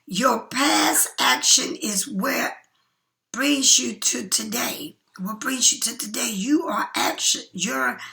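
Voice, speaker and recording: A middle-aged woman giving a casual tarot reading, chatty and emphatic, sometimes slowing into soft whispers. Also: on the high side, vocal fry. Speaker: tarot card reader.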